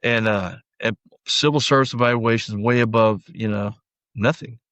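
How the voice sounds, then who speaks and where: A middle-aged man, a former deputy, recounting his past in a casual conversational interview, often quoting others and trailing off quietly. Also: medium pitch, steady tone, moderate pace, no echo. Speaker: podcast guest, former sheriff's deputy.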